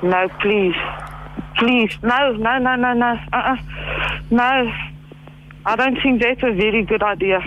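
A woman's voice: on the high side, a little slow, pauses often, fairly bright tone. A woman in her fifties on a phone call, flustered and blunt, exclaiming as she reacts. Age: 50s. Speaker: prank call target, mother. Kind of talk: phone conversation. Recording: dull phone line with faint noise.

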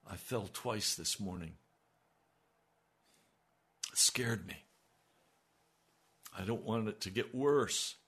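A man's voice: lowish voice, slow pace, long pauses, fairly bright tone, breathy edge. A man preaching a sermon as pastor, with emphatic delivery that swells on key lines.

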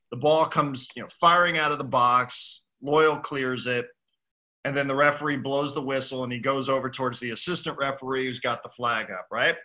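A man in casual sports talk with a bright, forceful voice. He sounds relaxed and conversational, cursing freely as he breaks down a match. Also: medium pitch. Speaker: podcast co-host.

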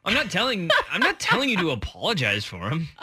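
Teasing bright-voiced man radio host. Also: sits high, huge pitch swings, fast talker, slightly rough, no echo. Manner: teasing, jokey, laughs a lot. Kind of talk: casual on-air banter.

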